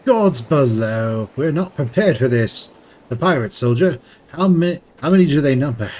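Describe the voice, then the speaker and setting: A stern military captain who gives orders in formal, measured words, as a man reads him out. His voice sits in a middle register and moves expressively from low, weighty tones to sharper calls. There is a game-story formality to every line. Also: expressive, darkish tone, natural voice. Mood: alarmed.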